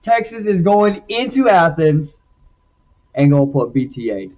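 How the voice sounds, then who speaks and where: A man's voice: on the high side, sing-song, unhurried, darkish tone, muffled recording. A man co-hosting a casual sports chat show, talking animatedly about his game picks. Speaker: podcast co-host.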